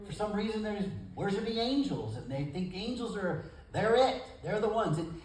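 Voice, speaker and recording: Man, pastor, sermon, folksy, lively pitch, acts out quotes, echoey room, far from mic. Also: normal speed, slight background noise. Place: church service in a gym.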